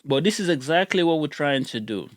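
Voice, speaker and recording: A man's voice: fairly high pitch, animated, a little fast, dry recording. Heated rambling man with a dry sound. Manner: heated, rambling, repeats words when worked up. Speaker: gun channel YouTuber. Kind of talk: casual ranting vlog.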